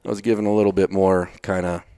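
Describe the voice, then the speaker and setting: Deep-voiced guy from texas telling rough war stories, dry close mic. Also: level tone, fast talker, dark tone, no room sound. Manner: blunt, swears casually, acts out his own past lines. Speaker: podcast guest, retired Navy SEAL. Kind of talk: casual storytelling interview.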